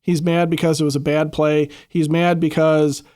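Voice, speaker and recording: A man co-hosting a sports podcast, talking casually in a measured way with small restarts. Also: on the high side, flat delivery, darkish tone, no echo, clean studio sound. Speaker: podcast co-host.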